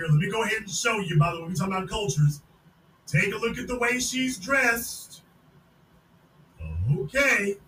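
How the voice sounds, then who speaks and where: A man hosts a podcast, loudly mocking a video and repeating himself for effect. His voice is very high and bright. He sounds distant in an echoey room with faint noise behind. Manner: mocking, loud, repetitive. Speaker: podcast host. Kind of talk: casual commentary on a video.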